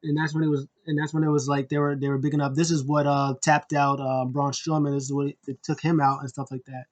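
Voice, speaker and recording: A man hosting a wrestling review, retelling a match in an excited, rambling play-by-play way. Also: on the high side, fast talker. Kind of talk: casual wrestling recap.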